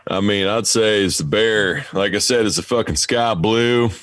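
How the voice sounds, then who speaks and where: West Virginian guy, lower voice, dry close sound, swears a lot, tells work stories. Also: moderate pace, a bit bright, dry recording. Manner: profane, storytelling, acts out his own talk to dogs. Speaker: podcast guest, mail carrier. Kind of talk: casual chat.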